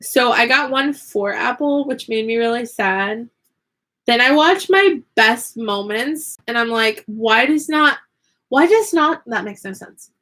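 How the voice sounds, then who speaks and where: A woman's voice: a little high, expressive, unhurried, a bit bright. A woman in her thirties talks through a live crafting stream from her home. Her chat is loose and rambling, full of fillers and little giggles, and she stays in easy conversation with the viewers. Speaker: vlogger and online teacher.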